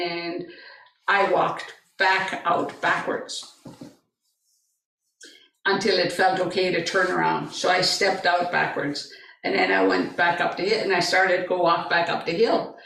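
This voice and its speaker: A middle-aged woman telling a story aloud, animated and acting out the voices in her quotes. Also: fairly low pitch, normal speed, gravelly, slight background noise. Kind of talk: oral storytelling. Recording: roomy, mic at a distance.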